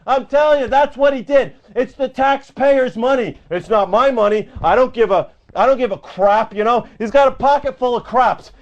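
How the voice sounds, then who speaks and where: A man hosting his own radio show, loudly ranting and repeating himself as he greets callers. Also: very high voice, moderate pace, few pauses. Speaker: host of an independent internet radio show. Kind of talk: ranting political talk show. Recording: dull lo-fi home recording.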